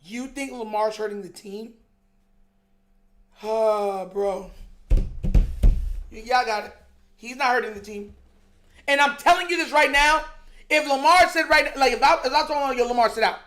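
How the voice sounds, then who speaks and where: A sports show host in an animated, exasperated rant, slangy and mocking, laughing between points. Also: high voice, unhurried, long pauses. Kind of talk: heated sports talk rant.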